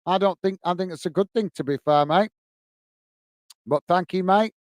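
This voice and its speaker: A man's voice: high-pitched, moderate pace, dry recording. A middle-aged man hosting a football fan live stream, reading out viewers' comments and thanking each one by name, with lots of "mate" and "top man". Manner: friendly, repeats thanks and "mate" often. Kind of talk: casual live-stream chat.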